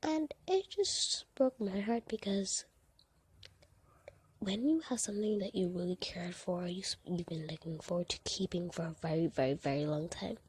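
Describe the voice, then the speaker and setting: A woman vlogger recording a soft, hushed and emotional voiceover. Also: fairly low pitch, moderate pace, slight background noise. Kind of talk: vlog voiceover.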